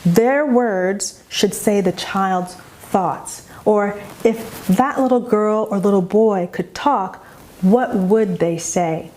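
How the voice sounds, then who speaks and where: A woman explaining language strategies to parents in a slow, calm, deliberate instructional manner. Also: mid-range voice, slight background noise. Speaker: educator for parents of young children. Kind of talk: instructional narration.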